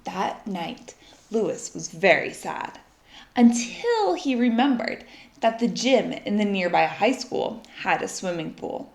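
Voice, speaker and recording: Woman reading a kids story out loud, lively and expressive, echoey room. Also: medium pitch, slow pace, creaky. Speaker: storybook reader. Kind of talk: children's story read aloud.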